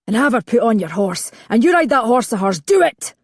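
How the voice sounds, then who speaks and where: A woman voicing a rough, hostile male cattle thief who hisses and barks orders. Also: mid-range voice, expressive, measured pace, dry recording, clean studio sound. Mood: commanding. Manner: hissing, barking orders.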